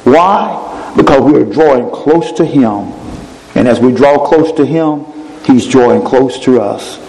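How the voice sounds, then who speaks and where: A man preaching a sermon, emphatic, climbing sharply in pitch on key phrases. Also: expressive, unhurried, darkish tone. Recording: echoey hall with long reverb.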